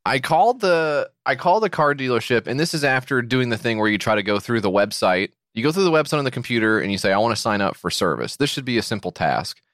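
A man's voice: mid-range voice, animated, fast talker, hardly any pauses, fairly bright tone, no echo. A man co-hosting a comedy podcast, telling a story with big rises and falls in his voice. He swears freely and acts out both sides of phone calls. The sound is dry and close to the mic. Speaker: podcast co-host. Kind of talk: casual comedic chat.

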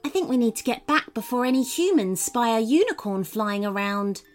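A woman voicing a kind young female unicorn in a storybook, speaking gently and reassuringly. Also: a little high, lively intonation, moderate pace, lightly acted. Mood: gentle.

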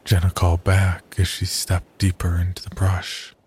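A man narrating a horror story in a slow, measured, somber way. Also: sits low, completely flat delivery, a little mellow, slightly rough.

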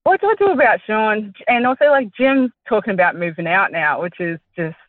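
A woman's voice: medium pitch, expressive, brisk, dry recording. An Australian woman in her thirties calling in, chatty and rambling with frequent giggles. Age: 30s. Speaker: caller. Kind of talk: casual phone-in chat. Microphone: phone call. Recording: tinny phone line.

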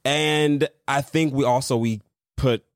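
A young man co-hosting a casual chat with his wife, relaxed and agreeable, often putting in "yeah" and "mm-hmm". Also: mid-range voice, takes it slowly, no room sound, clean studio sound. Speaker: co-host, married creator couple.

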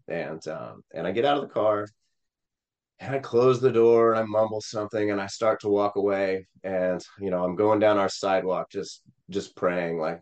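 Earnest low-voiced man from Missouri. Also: moderate pace, a little mellow. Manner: earnest, many fillers and restarts. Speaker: political candidate, guest. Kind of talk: personal storytelling in an interview.

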